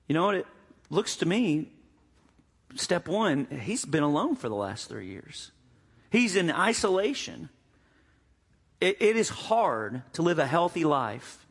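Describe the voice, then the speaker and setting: A man preaching a sermon as pastor, an animated storyteller who jokes and acts out the quotes. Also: fairly high pitch, husky, big-room sound.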